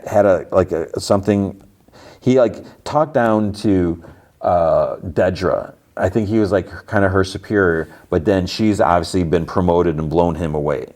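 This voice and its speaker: A man's voice: sits low, a little mellow. A man hosting a podcast, casually recapping TV episodes in a rambling way with lots of filler "like". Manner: rambling, heavy use of filler "like". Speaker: podcast host.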